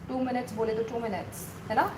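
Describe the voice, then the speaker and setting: A woman's voice: on the high side, flat delivery, racing, darkish tone, a little hiss or hum. A woman with an Indian English accent teaching a casual step-by-step drawing lesson, often checking in with the viewer. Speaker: doodle art teacher.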